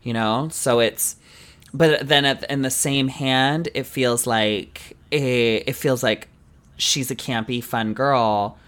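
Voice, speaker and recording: Podcast co-host guy, animated and jokey, laughs a lot, casual chat, swears now and then. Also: mid-range voice, slow pace, clean tone.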